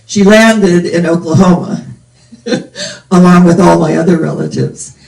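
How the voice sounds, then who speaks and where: With a lowish, gravelly and darkish voice at a measured pace, a woman in her 70s preaches a sermon. The minister rambles through her stories and sounds far off in an echoey space.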